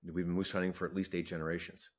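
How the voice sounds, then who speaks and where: Man from Manitoba, very deep voice, rapid heartfelt delivery, emotional interview guest. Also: flat delivery. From Manitoba, Canada. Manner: earnest, heartfelt, repeats himself for emphasis. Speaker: wildlife federation scientific advisor. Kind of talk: passionate interview talk.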